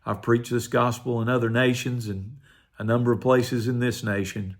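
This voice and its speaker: An older man, a pastor, telling his personal testimony in an earnest, quietly emotional way. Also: medium pitch, fairly even intonation, normal speed.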